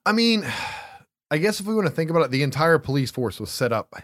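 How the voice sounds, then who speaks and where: A man's voice: on the high side, quick pace, no echo, clean studio sound. A man casually recapping a film plot, swearing freely and laughing as he tells it. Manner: profane, animated storytelling with laughs. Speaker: podcast host recapping a film. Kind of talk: casual chat.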